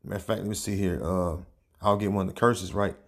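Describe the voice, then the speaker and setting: An online preacher with a low-pitched, steady voice gives informal religious teaching. He talks loosely and casually, peppering his speech with fillers like "man" and "all right," and pauses to search as he reads scripture and news aloud.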